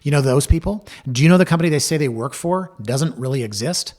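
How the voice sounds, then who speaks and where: A man's voice: fairly high pitch, animated, quick pace, darkish tone. A middle-aged man hosting a podcast, talking candidly and chattily to listeners, acting out quoted voices. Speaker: podcast host. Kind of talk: casual solo podcast talk.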